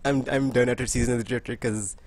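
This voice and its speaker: A man co-hosting a casual gaming podcast, ranting in an animated way, laughing and acting out quotes. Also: mid-range voice, fast talker, noisy background. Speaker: podcast co-host.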